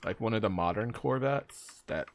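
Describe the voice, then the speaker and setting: A young man talks to his viewers while he plays, in a fairly low voice. He rambles loosely and leans on fillers as he answers chat. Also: lively intonation, moderate pace, a little hiss or hum. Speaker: streamer. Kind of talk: casual live-stream chat while gaming.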